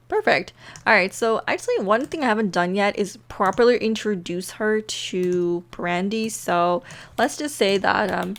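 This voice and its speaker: A young woman giving casual, giggly commentary while playing a life-sim game, chatty and excitable. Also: mid-range voice, moderate pace. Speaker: gaming video creator. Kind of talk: casual let's-play commentary.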